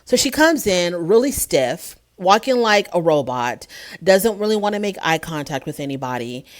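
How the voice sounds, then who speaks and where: A woman recaps a reality show episode in a loose, chatty way, full of her own opinions. Her voice sits a little low for a woman. She slips into quick impressions of what the cast members said. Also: very animated.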